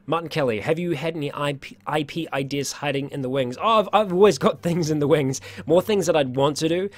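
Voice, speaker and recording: A man's voice: fairly high pitch, fairly quick, dry recording. A man hosting a casual livestream Q&A, chatty and upbeat, often laughing and restarting his sentences, his voice getting worn. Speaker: livestream host.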